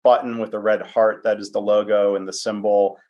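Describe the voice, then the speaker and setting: Chatty and self-deprecating, a male podcast host conducts a conversational interview, sprinkling in frequent fillers. His fairly low, darkish voice is delivered flatly at a moderate pace, and the audio sounds dull.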